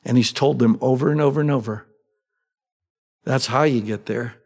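A man preaching a sermon, asking his congregation questions and answering them himself, swinging between raised emphatic lines and soft low asides. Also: normal speed. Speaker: pastor. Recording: long reverb of a large hall.

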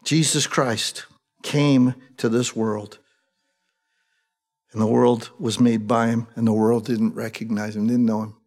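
A middle-aged man preaching a sermon, animated and humorous, mixing scripture with personal stories. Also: medium pitch, measured pace. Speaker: pastor. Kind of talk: sermon with storytelling.

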